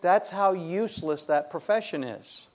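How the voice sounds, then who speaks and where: Speaking a little slowly but with lively intonation, a middle-aged pastor preaches to his congregation in a voice slightly higher than most men's. He relies on rhetorical questions, answering them himself with growing emphasis.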